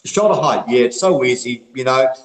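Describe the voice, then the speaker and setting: A man's voice: medium pitch, lively intonation, moderate pace, echoey room, rough recording. A man, rambling in a casual group call, laid back, swearing freely and calling everyone mate and brother.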